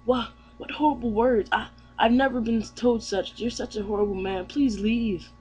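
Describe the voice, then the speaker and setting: Dude reading as a shy crybaby mermaid princess, high voice, super polite and formal. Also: male voice, steady tone, moderate pace, a little mellow, slight background noise, low-quality recording. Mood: tearful.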